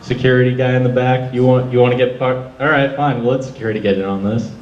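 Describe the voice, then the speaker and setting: A man's voice: medium pitch, flat delivery, quick pace, recorded from a distance, muffled recording, a little hiss or hum. A man moderating a convention panel, chatty and jokey, with playful asides to the crowd. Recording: echoey hall audio.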